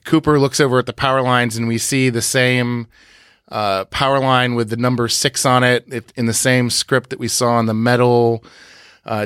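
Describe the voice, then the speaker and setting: A man's voice: mid-range voice, a bit bright, clear, resonant tone, no echo, clean studio sound. A man hosting a podcast, recapping scenes in detail in a casual way, with frequent "uh" fillers. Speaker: podcast host.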